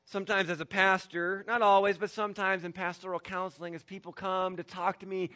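A male pastor preaching a sermon in an animated way, swinging between shouted lines and hushed ones, with laughs between points. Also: high-pitched, fairly quick.

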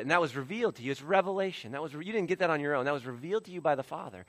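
A male pastor preaching a sermon, swinging from loud emphasis to hushed near-whispers and acting out the voices of biblical figures. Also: a little high, lively intonation, racing, few pauses, no room sound.

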